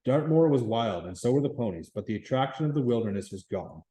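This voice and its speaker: A man reading a novel aloud at a steady pace, with occasional small stumbles and restarts. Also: mid-range voice, brisk, low-quality recording. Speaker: reader.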